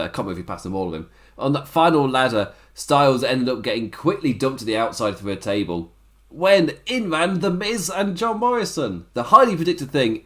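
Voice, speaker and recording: A man, hosting a podcast and giving a casual, rambling wrestling recap, laughing often. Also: medium pitch. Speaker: podcast host.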